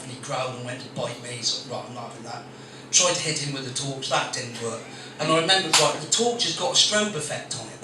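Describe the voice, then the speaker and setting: A man hosting a small comedy night, telling crude, blunt stories with lots of swearing. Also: mid-range voice. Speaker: stand-up comedian and compere. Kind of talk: stand-up comedy set. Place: small coffee shop venue with live audience. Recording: very echoey room recorded from a distance with background noise.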